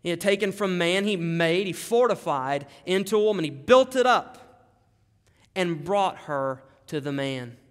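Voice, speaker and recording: A man's voice: high voice, lively intonation, a little slow. A male pastor preaching a sermon, emphatic and dramatic, repeating key phrases. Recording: long hall reverb.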